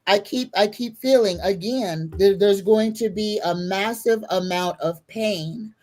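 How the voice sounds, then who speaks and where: A woman's voice: mid-range voice, a little slow, darkish tone. A woman in a casual political chat on a video call, making folksy, earnest predictions.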